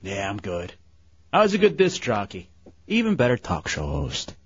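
A male radio host riffs and mocks his co-hosts in crude comedy banter. His pitch swings widely as he talks. The room is dry and the sound slightly dull. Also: wildly swooping pitch, normal speed, breathy edge, no room sound. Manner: mocking, teasing, wisecracking.

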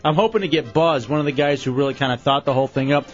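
A man hosting a radio show in casual, animated banter, quick to tease and laugh. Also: mid-range voice. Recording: dull lo-fi radio recording with faint music.

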